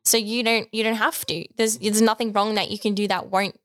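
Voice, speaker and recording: A woman's voice: medium pitch, flat delivery, brisk, a bit bright, no room sound. Chatty young woman talking faith. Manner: chatty, reflective, many fillers and restarts. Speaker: podcast co-host. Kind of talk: casual faith discussion.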